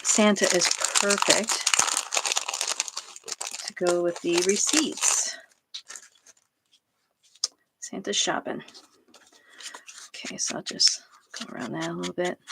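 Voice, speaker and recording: A woman's voice: on the low side, slow pace, creaky, long pauses, noisy background. A middle-aged woman hosting a craft video, chatting casually and laughing at herself while she works at home. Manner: chatty and self-deprecating, laughs often. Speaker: craft channel host.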